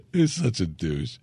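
A man's voice: on the low side, gravelly, a bit bright, husky, dry recording, clean studio sound. A man giving casual political commentary as a podcast host, in a sarcastic, ranting, mocking manner.

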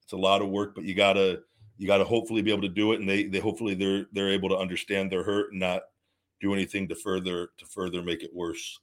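Middle-aged male host, slightly low-pitched, foul-mouthed and heated, rambling with lots of restarts. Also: quick pace. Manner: profane, heated ranting that swings to calm, rambling advice; repeats words and restarts often. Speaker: show host answering viewer questions. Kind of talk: unscripted livestream chat.

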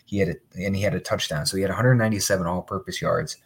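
A man's voice: deep voice, steady tone, gravelly, breathy edge. A young man co-hosting a podcast, reeling off football stats in casual sports chat. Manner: rapid stat-listing banter. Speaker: podcast co-host.

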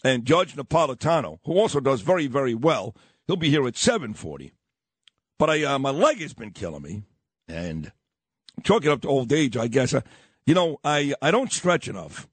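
A man, hosting morning talk radio and telling stories with lively voiced quotes. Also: mid-range voice, normal speed, slightly rough, no room sound. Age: 50s. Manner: animated storytelling with voiced quotes. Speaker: radio host.

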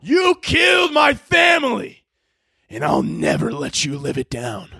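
A man putting on an overwrought male dub actor, shouting drawn-out melodramatic lines. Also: mid-range voice, gravelly, slightly rough, no echo, clean studio sound. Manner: shouted, drawn-out, over-the-top.

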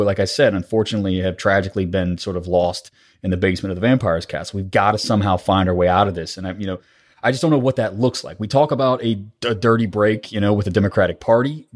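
A man's voice: on the low side, a little mellow. A man hosting a political podcast, talking in an impassioned, rambling way and swearing often. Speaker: podcast host. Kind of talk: casual political chat.

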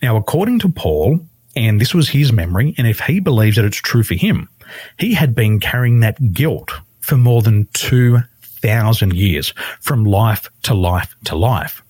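A man with a fairly low, husky voice that swings widely in pitch as he tells a story. He speaks as a life coach guest in a podcast interview and acts out the people he quotes. The sound is close and dry. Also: lively intonation, unhurried, a little mellow, no room sound.

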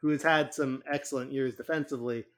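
A man's voice: mid-range voice, steady tone, fast talker. A man co-hosting a casual sports podcast, talking with many hesitations and fillers. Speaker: podcast co-host.

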